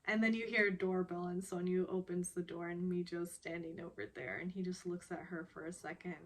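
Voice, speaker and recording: A young woman casually recapping a TV episode, soft and hesitant, with fillers and quiet laughs. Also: fairly low pitch, little pitch movement, fairly quick. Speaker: recap vlogger.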